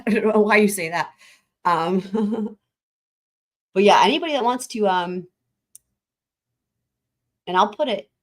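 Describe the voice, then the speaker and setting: This woman's mid-range voice moves slowly, with frequent pauses, as she hosts a relaxed livestream. She chats with viewers in a rambling, laughing way, and her speech has a lilt.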